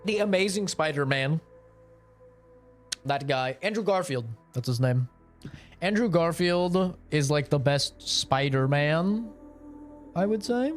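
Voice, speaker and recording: A man's voice: a little high, takes it slowly, long pauses, faint music behind. A young man streaming a game, swearing a lot and ranting in casual commentary. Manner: swearing, excitable, rants loudly.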